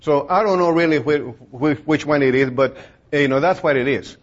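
A man's voice: fairly high pitch, moderate pace. A man preaching an informal sermon in a plain-spoken, folksy way, rambling with many fillers and restarts. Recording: dull lo-fi recording.

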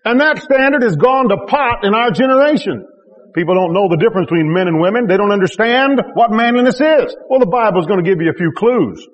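High-voiced preaching man in reverberant church. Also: expressive, brisk, lo-fi sound. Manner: emphatic, repeats key phrases with rising intensity; joking asides to the congregation. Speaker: pastor. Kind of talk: sermon.

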